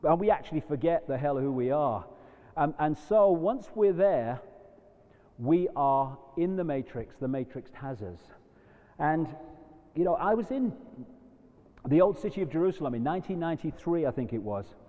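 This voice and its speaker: A man's voice: on the high side, expressive, moderate pace. A man giving a rambling, impassioned live lecture to an audience. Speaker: public speaker. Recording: dull lo-fi recording in a long-reverb hall.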